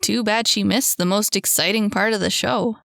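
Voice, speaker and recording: A woman's voice: medium pitch, fairly even intonation, moderate pace, vocal fry, fairly bright tone, no room sound, studio quality. Woman doing a blunt, offhand young man. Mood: casual.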